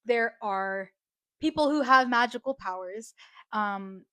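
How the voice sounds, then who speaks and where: A young woman talks through a book review in a loose, excited ramble, full of fillers and restarts. Her voice sits a little high. The recording is dry and close, with no room sound. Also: slow, dry recording. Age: young adult. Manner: chatty, gushing, many fillers. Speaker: book vlogger.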